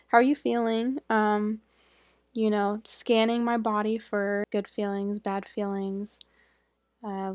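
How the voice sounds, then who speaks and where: Candid young woman, flat steady voice. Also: medium pitch, no echo. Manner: candid, laughs often, many restarts and fillers. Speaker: podcast host. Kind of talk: personal storytelling monologue.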